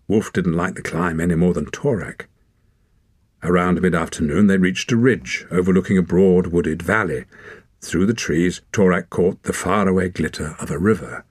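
Deep, husky male audiobook narrator. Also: no echo, clean studio sound. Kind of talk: scripted narration.

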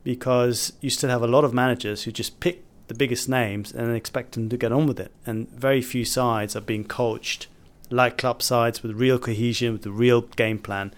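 A man's voice: mid-range voice, fairly even intonation, normal speed, few pauses. A man giving opinionated, analytical football punditry in a casual chat.

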